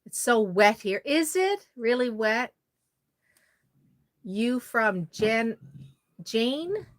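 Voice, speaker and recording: A woman's voice: on the high side, sing-song, very slow. Chatty woman on a live stream. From Nova Scotia, Canada. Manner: rambling, chatty, reads viewer comments aloud. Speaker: doll maker live-streaming. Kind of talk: casual live-stream chat.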